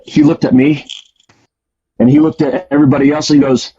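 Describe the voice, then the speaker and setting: A man's voice: on the high side, little pitch movement, a little fast, dark tone, slightly rough. A man casually telling a story about his past, with a rambling delivery full of fillers and restarts. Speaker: guest storyteller. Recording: dull lo-fi audio.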